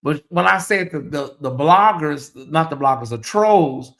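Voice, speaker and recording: Animated man hosting a livestream. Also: fairly high pitch, unhurried. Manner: animated, exclaiming, chatty asides to viewers. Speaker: livestream show host. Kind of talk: casual livestream chat, reading viewer comments.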